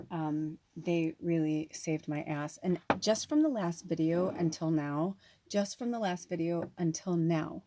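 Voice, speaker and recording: A woman on the US West Coast making a casual vlog as a spiritual medium, chatting excitedly while unboxing a gift. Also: sits low, background noise. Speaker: spiritual medium and tarot reader. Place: at home, off-grid.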